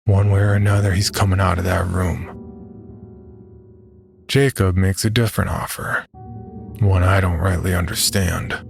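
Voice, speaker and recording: Deep gravelly man narrating horror. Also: flat delivery, moderate pace, long pauses. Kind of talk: scripted first-person horror narration. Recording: music beneath the voice.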